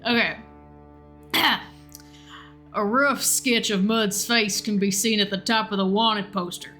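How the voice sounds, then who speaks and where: A woman's voice: mid-range voice, steady tone, moderate pace, fairly bright tone, faint music behind. A young woman player reading a text aloud steadily, with small slips. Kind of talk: reading aloud in a tabletop game.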